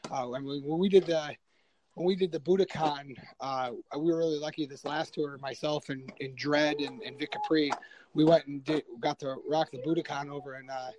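A man, a wrestler guest, telling stories in a rambling, animated way with many restarts. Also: a little high, moderate pace, poor audio. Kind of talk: casual storytelling.

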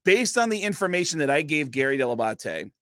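A man guesting in a studio, telling a long story in an animated, casual way and swearing freely. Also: on the high side, brisk, no room sound. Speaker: comedian and impressionist guest.

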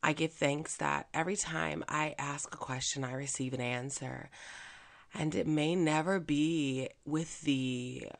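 A woman's voice: low voice, fairly even intonation, a little slow, gravelly. A woman hosting her own podcast, talking alone in a chatty, upbeat way with plenty of fillers. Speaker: podcast host. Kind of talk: casual solo podcast monologue.

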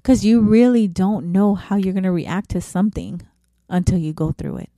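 A middle-aged woman hosts her own solo podcast, chatting candidly and emotionally in casual slang. Her voice is warm and medium-pitched at a moderate pace, and the recording is dry.

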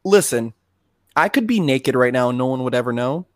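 A man co-hosting a podcast in casual chat, talking in a rambling, animated and profane way. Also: mid-range voice, fairly quick, no echo, studio quality. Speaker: podcast co-host.

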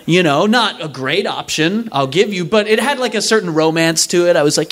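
A young man telling a story to a live audience, animated and self-mocking, acting out the people he quotes. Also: high voice, fairly quick.

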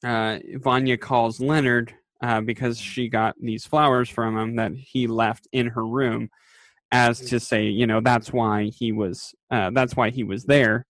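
A man's voice: mid-range voice, flat delivery, a little slow, a bit bright, no room sound. A man in casual podcast chat, recapping a TV episode in a rambling way, with lots of fillers and quoted lines acted out. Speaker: podcast co-host.

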